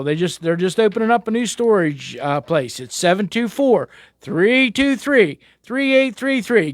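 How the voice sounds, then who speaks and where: A middle-aged man who hosts a folksy talk radio show, rallying listeners in a fiery, slang-filled way. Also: high-pitched. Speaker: radio show host and local official.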